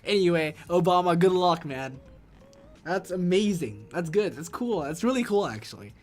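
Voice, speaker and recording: A young man in his twenties chatting casually on a stream and reading chat aloud. He is excitable and swings from low mutters into loud shrieks. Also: moderate pace, soft background music. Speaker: VTuber streamer.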